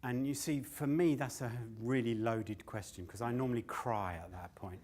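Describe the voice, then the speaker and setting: A stand-up comedian telling a long rambling story at a live show, swearing freely and often laughing at himself. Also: male voice, mid-range voice, moderate pace, a little mellow.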